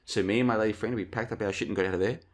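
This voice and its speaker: A man's voice: lowish voice, fairly even intonation, very fast. A man hosting a casual commentary video, rambling through anecdotes and calling his viewers folks. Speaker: video host.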